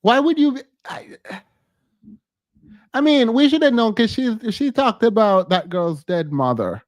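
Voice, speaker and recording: A man with a high, bright-sitting voice runs through celebrity gossip in a loose, animated way, laughing easily. The sound is close and dry, with no room around it. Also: unhurried, no echo. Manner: animated, chatty, laughs often. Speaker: pop culture commentator. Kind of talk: casual gossip commentary.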